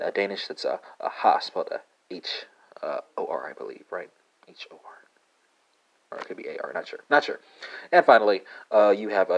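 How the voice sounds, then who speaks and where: A man hosting a casual language lesson podcast, halting with many fillers and asking "right?" after nearly every word. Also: deep voice. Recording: dull lo-fi sound.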